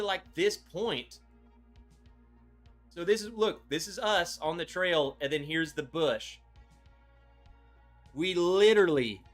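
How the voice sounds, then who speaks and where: A man hosting a livestream, telling a story in an animated, excitable way with lots of "like"s. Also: high voice. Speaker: livestream host.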